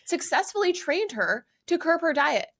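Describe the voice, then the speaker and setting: A woman co-hosting a casual pop-culture podcast, teasing her co-host with quick, jokey banter. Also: very high-pitched, sing-song, fairly bright tone.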